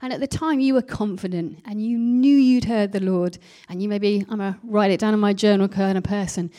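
A woman delivering a sermon in a relaxed, mellow voice. She talks in a conversational, reflective way and keeps asking the listeners rhetorical questions. Her voice sits at an ordinary middle pitch. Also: a little fast. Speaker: preacher.

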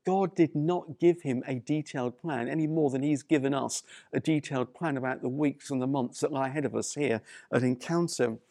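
A man's voice: mid-range voice, moderate pace, few pauses, dark tone, dry recording, studio quality. A man preaching a sermon to people watching at home. He speaks with emphasis and repeats key phrases. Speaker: pastor.

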